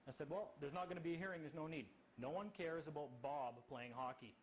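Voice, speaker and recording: A man telling a story in casual talk, anecdotal and halting, with many fillers. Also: on the high side, a little hiss or hum, poor audio.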